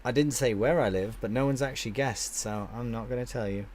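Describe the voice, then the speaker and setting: A man's voice: medium pitch, brisk, darkish tone, a little hiss or hum. A man live-streaming a game, chatting casually with his viewers and answering their comments aloud, often restarting his sentences.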